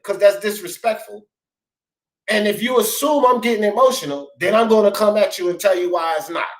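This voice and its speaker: A man hosting a sports talk stream, arguing in a fired-up, profane, emphatic way and calling people "bro" and "dog". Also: sits high. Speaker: host. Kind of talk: heated sports talk debate. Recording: roomy echo.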